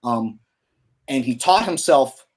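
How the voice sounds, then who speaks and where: A musician in his thirties from Pennsylvania tells stories as a guest, loose and chatty with plenty of fillers and slang. His mid-range voice is husky and animated, and he speaks at a slow pace.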